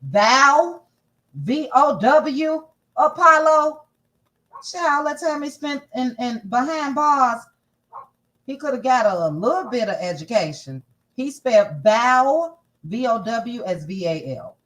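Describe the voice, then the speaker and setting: A woman's voice: on the high side, lively intonation, unhurried. A woman hosting a casual celebrity gossip livestream, chatty and sassy, thinking aloud as she scrolls through posts. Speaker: gossip channel host.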